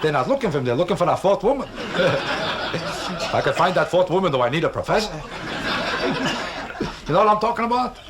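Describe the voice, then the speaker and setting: Sing-song comedian on a live vintage album. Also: male voice, high voice, very animated, fast talker, long pauses. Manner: sing-song, rhetorical questions to the audience, self-mocking boasts. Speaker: stand-up comedian. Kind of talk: stand-up comedy routine. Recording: live club album with audience laughter and vintage background hiss. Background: audience laughter.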